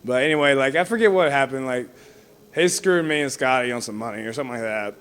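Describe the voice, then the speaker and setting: Young man, casual interview, rambling, filler-heavy, laughs a lot, mid-pitched voice. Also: quick pace, fairly bright tone, smooth. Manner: rambling, heavy on fillers like "you know what I mean"; laughs often while telling stories. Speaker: wrestler being interviewed.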